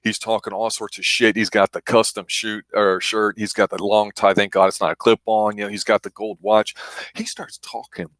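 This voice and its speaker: A man hosting a casual movie review podcast, telling stories with animated laughter. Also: lowish voice, moderate pace, no echo. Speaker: podcast host.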